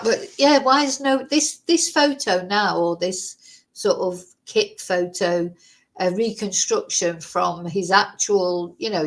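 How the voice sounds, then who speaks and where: A woman's voice: mid-range voice, low-quality recording. A woman vlogger in casual chat, thinking aloud and musing through lots of rhetorical questions.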